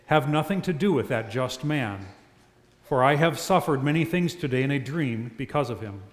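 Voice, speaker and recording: A man's voice: medium pitch, lively intonation, normal speed, big-room sound, lightly acted. A man reading the earnest, urgent warning of an anxious governor's wife, in a church.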